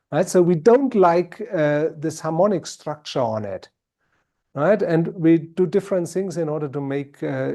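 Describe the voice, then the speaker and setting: A man's voice: on the high side, dark tone. A man with a German accent answering questions after a science talk on a video call, hesitant, with many fillers and "right?" tags. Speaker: invited speaker.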